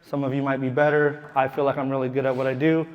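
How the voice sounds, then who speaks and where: A man's voice: mid-range voice, little pitch movement, quick pace, dull audio. A man who is a real estate investor tells a casual, profane story to a live audience in a room, laughing as he goes. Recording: long hall reverb.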